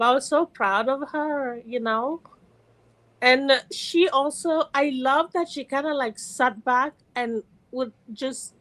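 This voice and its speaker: A middle-aged woman from California calling in to chat, animated and quick to laugh, with many restarts. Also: fairly high pitch, rough recording. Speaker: caller. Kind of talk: casual call-in chat.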